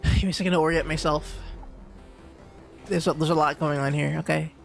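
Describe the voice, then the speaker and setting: A man's voice: fairly high pitch, fairly even intonation, brisk, gravelly, soft background music. A young man streaming a game live, rambling with goofy mock threats and repeated phrases. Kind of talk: live gameplay commentary.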